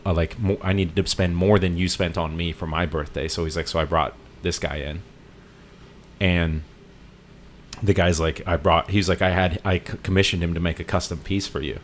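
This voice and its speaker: A man's voice: low voice, a little hiss or hum. A man co-hosting a podcast, retelling a story in a casual, rambling way with lots of fillers and restarts. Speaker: podcast co-host.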